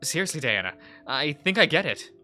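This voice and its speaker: A man's voice: fairly high pitch, big pitch swings, brisk, pushed and bright, faint music behind, exaggerated voice. A man voicing an insecure young male med student in a visual novel read-aloud, hesitant and self-doubting. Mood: flustered.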